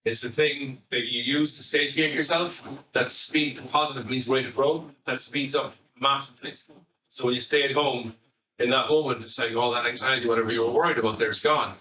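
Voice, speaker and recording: An Irish man, a family psychotherapist, giving an animated talk to educators and acting out bits of dialogue as he tells stories. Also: medium pitch, a little fast. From Ireland. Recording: echoey hall, voice from far off.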